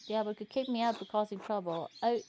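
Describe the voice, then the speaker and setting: A woman's voice: medium pitch, fast, darkish tone, a little hiss or hum, natural voice. A woman voicing a timid, tearful young male novice monk who stammers and pleads. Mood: fearful.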